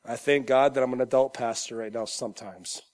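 A young adult male pastor preaching a sermon, animated, swinging from loud, shouted lines to quiet, joking asides. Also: mid-range voice, brisk.

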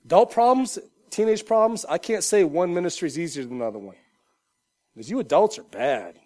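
High-voiced animated male pastor preaching. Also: a little fast. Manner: animated preaching, swings from shouting to quiet asides. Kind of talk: sermon.

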